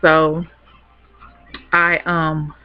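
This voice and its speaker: A woman's voice: low-pitched, completely flat delivery, extremely slow, clear, resonant tone. Chatty young woman, lo-fi webcam sound. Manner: chatty, rambling, laughs easily. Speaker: vlogger. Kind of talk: casual storytelling to camera. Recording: dull lo-fi webcam audio.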